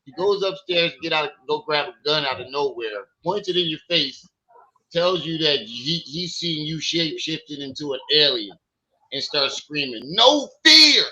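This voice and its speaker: A man's voice: on the high side, measured pace, pushed and bright, dull audio. A man hosting a casual stream, retelling a friend's story in a mocking, incredulous way. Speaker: stream host. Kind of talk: casual commentary.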